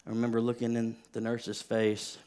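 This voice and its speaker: A man in his thirties, a pastor, telling a personal story in a sermon, shifting from hushed, quiet stretches to rising, impassioned preaching. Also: mid-range voice, monotone, moderate pace, smooth.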